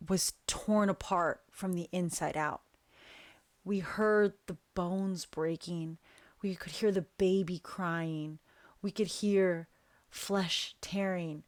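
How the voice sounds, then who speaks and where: A woman tells a frightening dream in a hushed, deliberate manner. Her pace is very slow, with long pauses. Her pitch sits in a plain middle range, and the sound is dry and close. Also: dry recording. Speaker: guest storyteller. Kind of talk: dramatic personal storytelling.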